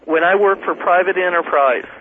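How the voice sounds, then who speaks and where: A man's voice: sits high, moderate pace, over a noisy crowd. A man calling in to a talk radio show, insistently lecturing the other caller in a heated debate. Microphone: telephone. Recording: tinny phone line with faint hiss.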